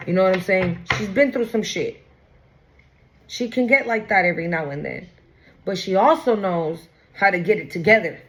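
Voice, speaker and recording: The recording is low quality as a woman with a mid-range voice and moderate pace gives a casual tarot reading. She talks bluntly in slang, curses freely, and animatedly plays out the quoted voices.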